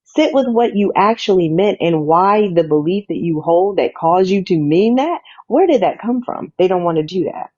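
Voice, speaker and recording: A woman's voice: fairly low pitch, animated, moderate pace, few pauses, darkish tone, lo-fi sound. A woman speaking as a guest on a livestream, emphatic and outspoken in casual talk. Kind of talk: casual chat.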